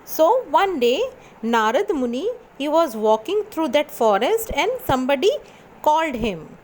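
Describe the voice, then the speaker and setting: A woman's voice: high voice, sing-song, unhurried, a little mellow. A woman teacher reading a story aloud to a class, repeating and explaining each sentence simply. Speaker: school teacher.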